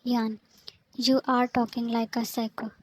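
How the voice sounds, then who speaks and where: A woman's voice: on the high side, flat delivery, measured pace, noisy background, lightly acted. Woman reading as a frightened young girlfriend. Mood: pleading. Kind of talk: scripted fanfic reading.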